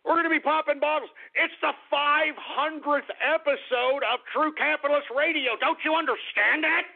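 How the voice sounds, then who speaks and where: A man hosting a talk radio show, brash and boastful, whooping and shouting with excitement. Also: very high voice, moderate pace, gravelly. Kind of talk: boisterous talk radio monologue. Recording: tinny phone-like radio audio.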